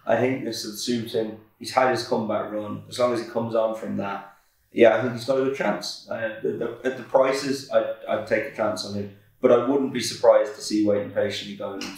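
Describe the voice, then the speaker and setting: Casual male racing tipster, low voice, laid-back, many ums, recorded far off in an echoey office. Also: steady tone, fairly quick, darkish tone. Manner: laid-back, filler-heavy, self-correcting. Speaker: podcast co-host, racing tipster. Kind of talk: casual chat. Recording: echoey room, far from mic.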